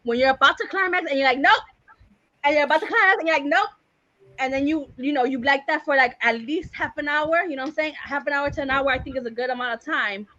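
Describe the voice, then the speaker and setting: A woman with a Puerto Rican accent, co-hosting a casual chat, loud and laughing, switching between Spanish and English. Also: sits high, fast talker, hardly any pauses, dry recording, lo-fi sound. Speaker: podcast co-host.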